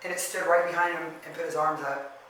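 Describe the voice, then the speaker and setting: A woman's voice: low-pitched, a little fast, slight background noise. A woman guest tells her story evenly and matter-of-factly, with very little rise and fall in her voice. She sounds distant from the mic in a very echoey room. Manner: even, matter-of-fact telling of eerie experiences. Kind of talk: casual storytelling.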